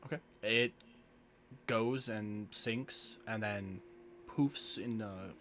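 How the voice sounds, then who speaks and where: A man narrating and running a tabletop game as game master, describing scenes in a relaxed way with pauses. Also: fairly low pitch, slight background noise.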